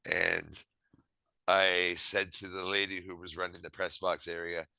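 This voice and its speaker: A deep-voiced man spins an animated story, punchy and forceful in tone. His voice comes through smooth and resonant on a dry, close recording, and he acts out every quoted line. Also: unhurried, dry recording, low-quality recording. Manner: lively, acts out quoted dialogue; self-described quirky. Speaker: podcast host. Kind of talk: casual storytelling.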